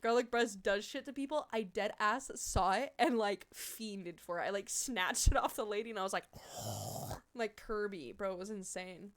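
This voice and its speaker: Speaking at a normal speed in a mid-range voice, a young Midwestern woman streams and talks casually with her audience. She's lively, curses freely, and laughs often.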